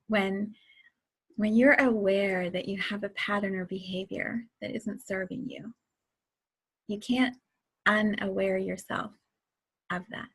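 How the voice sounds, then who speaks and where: Gravelly-voiced woman, chatty and laughing. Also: mid-range voice, steady tone, slow pace, long pauses. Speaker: host. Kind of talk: casual spiritual talk.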